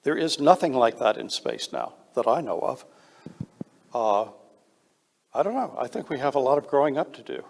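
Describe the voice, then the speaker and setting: A man's voice: medium pitch, very animated, moderate pace, vocal fry, long pauses, darkish tone, big-room sound, slight background noise. A man speaking on a panel, blunt and emphatic, with frequent hesitations. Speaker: panel speaker on space law. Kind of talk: panel discussion.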